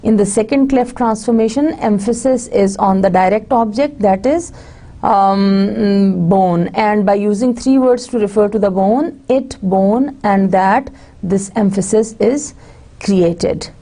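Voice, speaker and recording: A woman's voice: medium pitch, measured pace, mellow. A woman lecturer, explaining grammar step by step in a recorded lesson, with many fillers and restarts. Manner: explains step by step with frequent fillers and restarts, slips into Hindi-Urdu asides. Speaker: university lecturer.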